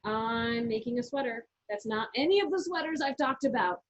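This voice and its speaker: A woman with a slightly high voice speaks at a moderate pace, co-hosting a casual knitting chat from the yarn shop she owns. She's chatty, walking through techniques step by step and restarting her explanations now and then. The audio is muffled and lo-fi.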